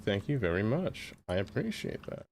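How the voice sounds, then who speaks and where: A man's voice: lowish voice, very animated, moderate pace, vocal fry, a little mellow, slight background noise. Playful man streaming a game. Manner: chatty and playful, laughs often. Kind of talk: casual live-stream chat while gaming.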